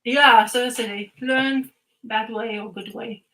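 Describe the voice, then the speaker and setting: Bright-voiced woman rambling about comics. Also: fairly high pitch, slow pace, slight background noise, rough recording. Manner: rambling, animated storytelling with frequent fillers and restarts. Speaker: podcast co-host. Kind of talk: casual chat retelling a comic plot.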